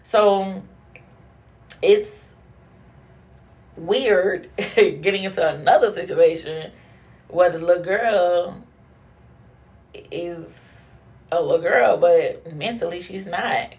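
A woman hosting a casual monologue podcast, blunt and profane, who laughs often and swings from low mutters to high bursts. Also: takes it slowly, pauses often, a little mellow. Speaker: podcast host.

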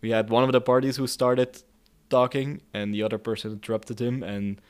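A man's voice: medium pitch, fairly even intonation, brisk, smooth. A man being interviewed about his work as a mediator, speaking in a thoughtful, hesitant way with frequent restarts. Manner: hesitant, many restarts and fillers. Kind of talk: conversational interview answers.

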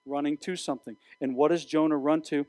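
Guy preaching to students, pretty high voice, talks right at them, dry sound. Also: a little fast, dry recording. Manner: animated preaching with direct address. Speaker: youth pastor. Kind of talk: sermon.

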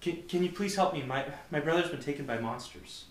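A man's voice: on the high side, lively intonation, brisk, roomy sound, a little hiss or hum, pitched above the performer's own voice, close to an everyday voice. A man voicing a scared young farm girl who has been crying, stammering as she pleads for help. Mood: frightened pleading. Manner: shaky, stammering, breathless pleading.

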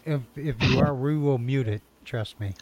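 A man's voice: mid-range voice, normal speed, a little mellow. A man hosting a live stream, trading jokes and laughing casually with a caller. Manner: joking, laughs often. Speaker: stream host. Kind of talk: casual chat.

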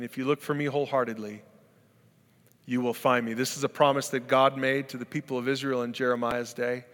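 A man's voice: medium pitch, a bit bright. A middle-aged man, a pastor, preaching a sermon in a conversational, storytelling way. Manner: conversational, storytelling with acted-out quotes. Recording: long hall reverb.

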